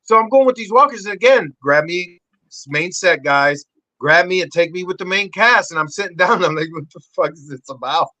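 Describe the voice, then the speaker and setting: Animated, swearing male podcast guest. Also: normal speed, no room sound, rough recording. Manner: excitable, swearing, acts out voices in high shouts. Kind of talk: animated storytelling.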